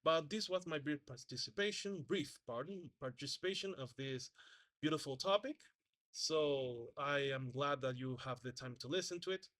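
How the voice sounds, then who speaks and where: A man's voice: on the high side, normal speed, a bit bright. Hesitant young man giving a spoken exam. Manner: hesitant, with restarts and self-corrections; demonstrates sounds by repeating example words. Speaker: student.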